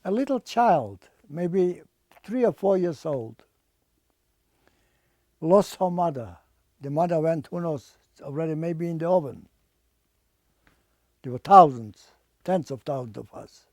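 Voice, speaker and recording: An older man giving personal testimony as an interviewee, speaking haltingly and emotionally, often repeating and restarting his words. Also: a little high, expressive, a little mellow, no echo. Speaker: interviewee, artist.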